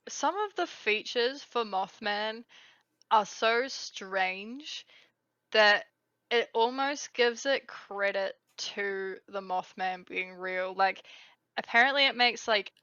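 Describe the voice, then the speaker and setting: A woman's voice: mid-range voice, sharp tone, no room sound, dull audio. A woman with a New Zealand accent co-hosting a podcast in casual chat, chatty with lots of fillers. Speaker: podcast co-host.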